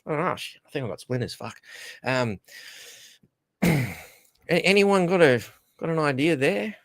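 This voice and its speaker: A man's voice: a little high, expressive, a little slow, fairly bright tone, dry recording. An Australian man hosting a casual solo podcast, rambling along, stammering over repeated words and chuckling at his own jokes. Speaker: podcast host.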